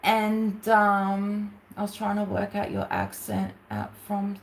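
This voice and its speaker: A woman's voice: medium pitch, sing-song, slow, a little hiss or hum. A woman with an Australian accent who hosts a crafting livestream and chats casually to viewers, rambling through asides with many fillers.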